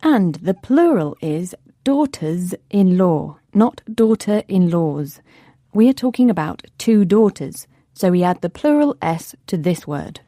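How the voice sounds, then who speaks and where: A woman's voice: lowish voice, big pitch swings, a little slow, dark tone, no echo, studio quality. A young woman co-presenting an English vocabulary lesson, explaining grammar in a friendly, scripted teaching dialogue. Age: young adult. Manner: friendly, explanatory, light laughs.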